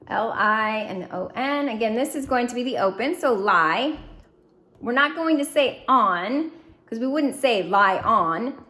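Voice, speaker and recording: Woman, slightly high voice, patient reading teacher drilling syllables. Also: animated, bright, forceful tone. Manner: slow, clear, encouraging drill prompts. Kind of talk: phonics lesson to young students.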